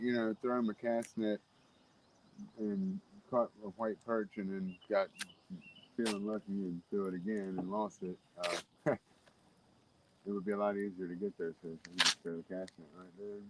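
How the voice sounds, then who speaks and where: A man's voice: fairly low pitch, level tone, moderate pace, pauses often, slight background noise. A man chatting casually while fishing outdoors, joking and laughing often. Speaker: fishing vlogger. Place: outdoors by a river.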